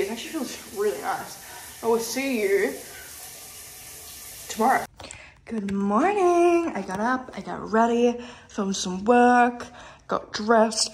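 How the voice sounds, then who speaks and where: A young woman talks casually into her phone, chatty and loose with the swearing. Her voice sits a little high. There is clear background noise under her voice. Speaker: vlogger. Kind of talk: casual vlog chat. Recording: noisy phone recording.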